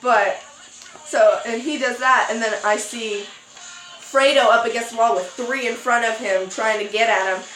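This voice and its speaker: A young woman with a somewhat high voice tells a story in a casual vlog chat. She is animated and jumps into squeaky voices for quoted lines. The room sounds echoey, with faint music under her. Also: normal speed. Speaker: vlogger.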